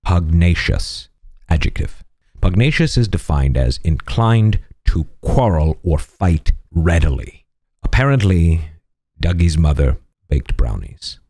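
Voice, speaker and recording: A man's voice: deep voice, big pitch swings, slow, a little mellow, no room sound, studio quality. A man hosting a word-of-the-day show in a wry, mock-formal comic delivery. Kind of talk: comic scripted presentation.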